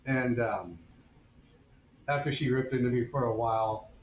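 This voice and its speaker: A man's voice: medium pitch, measured pace. A man blacksmith streamer casually telling a story while working in his workshop, in a wry, anecdotal way. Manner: laid-back, wry anecdotal delivery. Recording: echoey workshop with faint ambient noise.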